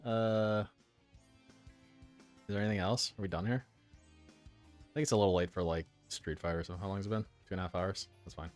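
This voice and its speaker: A man's voice: deep voice, steady tone, brisk, long pauses, faint music behind. Crude sarcastic male streamer. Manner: crude, sarcastic, swears a lot. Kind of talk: casual stream commentary reacting to videos.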